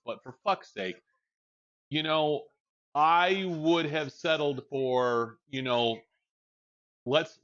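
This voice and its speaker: A man's voice: a little high, fairly bright tone, dull audio. A man with a young child streams from home, chatting casually in a rambling, frank way and swearing freely into a desk mic. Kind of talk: casual chat while livestreaming.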